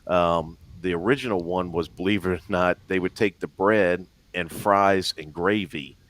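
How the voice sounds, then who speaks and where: A man's voice: low voice, moderate pace, fairly bright tone, a little hiss or hum. A man with a Louisiana accent telling rambling, self-deprecating stories in a casual live-stream chat. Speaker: guest.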